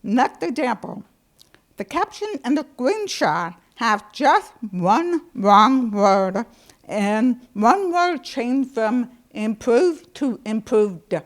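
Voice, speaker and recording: A woman from the United States giving a talk, playful and animated, slowing down to read out caption mistakes one word at a time. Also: on the high side. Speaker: conference presenter. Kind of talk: presentation talk.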